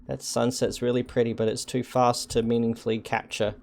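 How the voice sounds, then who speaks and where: A man streaming a game and chatting casually with viewers, dry and wry, with halting restarts. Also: mid-range voice, level tone, vocal fry. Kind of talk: casual live-stream chat while gaming.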